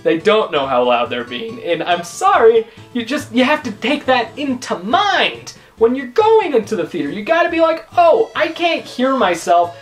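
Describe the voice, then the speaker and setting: Young woman host, comic rant, lively up-and-down delivery, faint music underneath. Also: fairly high pitch, normal speed, few pauses. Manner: exasperated, emphatic, repeats her points. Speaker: YouTube host. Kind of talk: comedic vlog rant.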